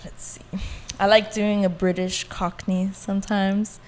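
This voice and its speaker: A woman actor in casual round-table talk, easygoing and quick to chime in. Her voice sits at an ordinary middle pitch. The room gives it a long, ringing reverb. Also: little pitch movement, slight background noise. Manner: talkative, quick to agree. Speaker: actor guest.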